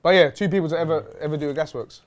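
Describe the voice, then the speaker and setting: A man's voice: fairly high pitch, very fast. A man hosting a chat show, brash and teasing, swearing freely. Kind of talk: casual chat.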